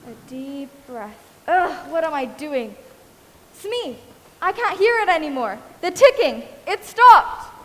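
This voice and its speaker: A woman's voice: high voice, lively intonation, slow pace. A woman on a school stage playing a theatrical, blustering pirate captain, recorded in an echoey hall. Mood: pompous. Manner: theatrical, exclaiming. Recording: echoey hall, faint noise.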